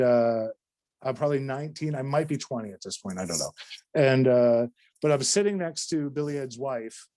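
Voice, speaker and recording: A man from North Carolina, a podcast guest, recounts a story in a lively, rambling flow. He restarts often and swears casually along the way. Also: mid-range voice.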